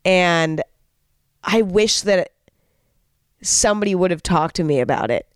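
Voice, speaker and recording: A woman's voice: on the low side, lively intonation, a little slow, pauses often, smooth, no room sound, clean studio sound. A young woman hosting a podcast alone, talking in a candid, chatty way and swearing freely. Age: young adult. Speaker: podcast host. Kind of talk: casual solo podcast monologue.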